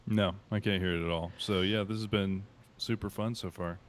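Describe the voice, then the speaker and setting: A man's voice: low-pitched, fairly even intonation, moderate pace. A man co-hosting a live podcast stream, laid-back and dry as he helps sort out audio problems. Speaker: podcast co-host. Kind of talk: casual live-stream chat.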